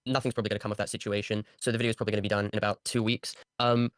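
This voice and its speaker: A man's voice: fairly low pitch, dry recording. A man talking casually on a call, defending himself in a blunt way, with lots of ums and some swearing. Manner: rapid, flat delivery with many ums. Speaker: online creator answering accusations.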